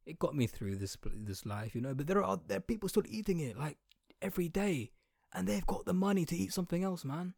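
A man's voice: high-pitched, lively intonation, brisk, vocal fry, darkish tone, no echo. Brief: a man from outside Britain, a profane comedic ranter with a dry, close sound. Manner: exaggerated, swearing, talks straight to the listener. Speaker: comedic commentator.

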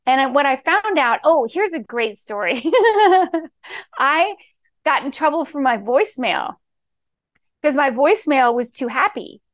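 A woman's voice: sits high, unhurried. Bubbly middle-aged woman telling stories. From Key West, Florida. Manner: bubbly, animated, acts out quoted voices. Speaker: real estate executive, podcast guest. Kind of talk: casual storytelling interview.

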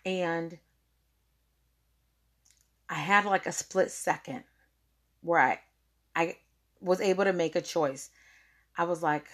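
Woman, slow-paced storyteller, lower voice, chatty and expressive. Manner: chatty, expressive, says "like" often. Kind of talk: personal storytelling.

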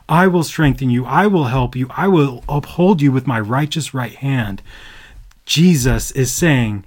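Man, podcast co-host, earnest Bible talk, slightly high voice, emphatic. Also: unhurried. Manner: earnest, builds to emphatic bursts. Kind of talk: casual Bible study talk.

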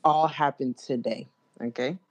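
A woman's voice: very deep voice, measured pace. Slangy young New woman storyteller. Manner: animated and slangy, filler-heavy with lots of "like". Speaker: podcast host. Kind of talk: casual storytelling to a friend.

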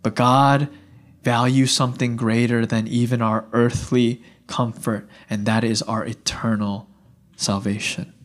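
A man's voice: mid-range voice, a little slow. A young man preaching a sermon in a casual, conversational way, often acting out what people would say. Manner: animated, conversational, acting out dialogue. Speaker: pastor.

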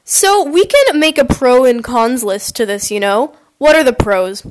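A woman's voice: on the high side, expressive, measured pace, hardly any pauses, slight background noise. A woman podcast host chatting casually and reacting to listener confessions, rambling and acting out quotes in silly voices, on a poor quality mic.

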